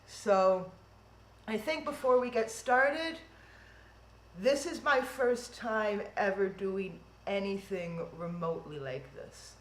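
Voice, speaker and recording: A woman's voice: medium pitch, slow. A woman hosting a live-streamed event from home, chatting casually in a rambling, self-deprecating way. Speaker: livestream event host. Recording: roomy echo.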